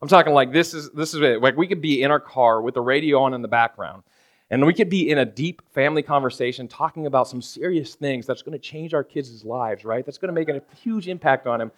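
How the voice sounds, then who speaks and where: A pastor with a medium-pitched, brisk voice gives an informal, conversational sermon. Over and over he asks "right?" of the congregation, and he plays out everyday moments in quoted voices.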